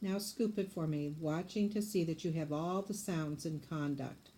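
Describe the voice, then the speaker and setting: A woman teaching spelling, dictating words slowly and patiently and sounding them out letter by letter. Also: sits low, dark tone, slight background noise.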